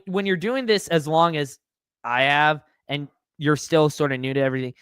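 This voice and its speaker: Streamer, male, higher voice, clean dry mic, mocking chat-reader. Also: fairly bright tone, smooth, dry recording. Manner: sarcastic, mocking, reads chat aloud. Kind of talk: live-stream reaction commentary.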